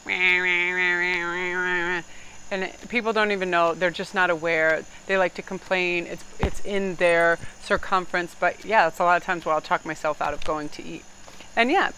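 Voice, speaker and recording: A tarot reader with a low, pushed, bright voice rambles bluntly through a casual reading, cursing freely. Frequent laughter and mock voices run through it, and the rough recording carries a little hiss or hum.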